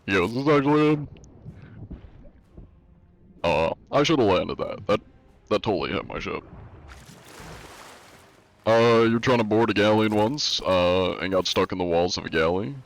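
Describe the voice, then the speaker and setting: A man's voice: low voice, moderate pace, creaky, long pauses. A man streaming a game live in a casual, laid-back way, reading chat aloud, answering it and using many "uh" fillers. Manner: frequent "uh" fillers.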